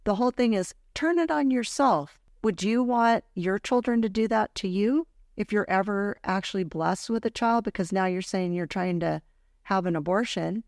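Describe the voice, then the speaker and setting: A faith podcast host with a mid-range, darkish voice speaks at a normal speed in a studio-quality recording with no room sound. She talks casually but earnestly and heartfelt while telling a personal story.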